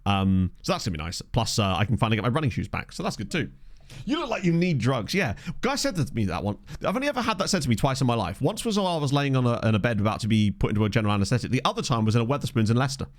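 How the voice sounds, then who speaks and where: A man's voice: mid-range voice, big pitch swings, rapid-fire, hardly any pauses. A man chatting casually with his viewers over a game, rambling and self-deprecating, on a desk microphone. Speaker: gaming streamer. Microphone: desk condenser microphone.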